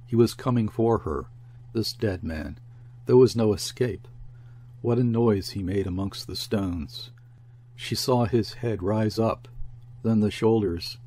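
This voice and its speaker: A man narrating a classic literary story aloud in a measured, deliberate way. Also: on the low side, a little mellow, slight background noise. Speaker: audiobook narrator. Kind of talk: literary audiobook reading.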